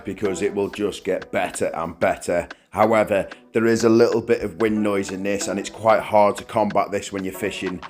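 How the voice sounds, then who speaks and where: A man hosting a fishing vlog in casual, jokey banter, often laughing and teasing his mate. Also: lowish voice. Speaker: fishing video host.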